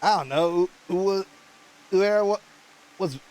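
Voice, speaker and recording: A man voicing a gruff, hard-drinking male gunsmith instructor in a put-on rough British accent, reading game dialogue aloud and stumbling over words. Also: high-pitched, a little slow, darkish tone, poor audio. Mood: grumbling. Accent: put-on rough British-style.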